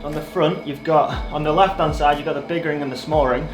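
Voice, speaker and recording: A man's voice: a little high, fairly even intonation, a little fast, over music. A young man narrating a casual vlog and commentating on a race, chatty and self-deprecating, with rambling asides. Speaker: cycling YouTuber.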